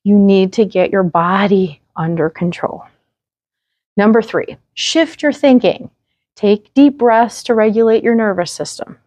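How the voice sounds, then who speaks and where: A woman's voice: a little high, darkish tone, no room sound. A woman hosting her own parenting vlog, talking straight to the viewer in an earnest, encouraging way. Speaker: parenting channel host. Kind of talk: direct-to-camera parenting advice vlog.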